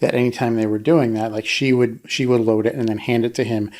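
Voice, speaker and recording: A man co-hosting a casual podcast discussion, rambling with many restarts and acting out quotes in a higher voice. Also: fairly even intonation, fairly quick, a little mellow. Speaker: podcast co-host.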